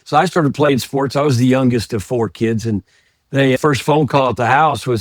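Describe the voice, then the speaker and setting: A middle-aged man from Georgia talks as a podcast guest at a medium pitch, warm and enthusiastic. He tells stories readily and laughs easily. The recording is close and dry, with no room echo. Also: brisk. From US, grew up in Georgia. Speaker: podcast guest, ministry founder. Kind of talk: casual interview storytelling.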